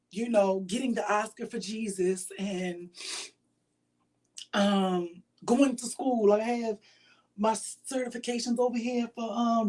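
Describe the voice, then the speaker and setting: A woman's voice: medium pitch, mellow. Earnest woman host talking to camera. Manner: earnest, heartfelt, faith-driven; casual with frequent fillers. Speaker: show host. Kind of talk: personal talk to camera.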